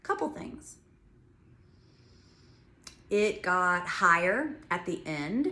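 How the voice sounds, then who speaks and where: A woman's voice: fairly low pitch, very animated, drawn-out words, pushed and bright, echoey room. A woman teaching a music lesson to young children, talking and singing patiently and explaining each step. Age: adult.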